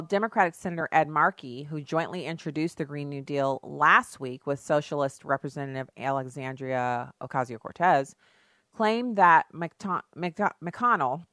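A woman's voice: deep voice, a bit bright, no echo, studio quality. Sarcastic woman political commentator. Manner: sarcastic, emphatic, rhetorical questions.

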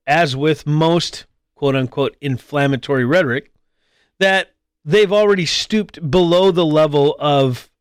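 High-voiced man delivering political commentary. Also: no echo, clean studio sound. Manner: argumentative, with mocking mimicry of squabbling voices. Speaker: podcast host.

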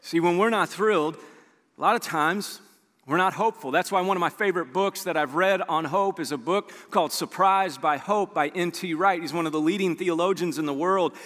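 A man preaching a sermon as a pastor, animated and conversational, acting out quoted voices as he tells stories. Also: high-pitched, fairly quick, long reverb tail.

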